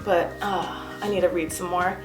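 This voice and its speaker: A woman's voice: lowish voice, steady tone, moderate pace, music in the background. A young woman giving a casual, self-mocking tour of her home art studio, chatty and giggly. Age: young adult. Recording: echoey room.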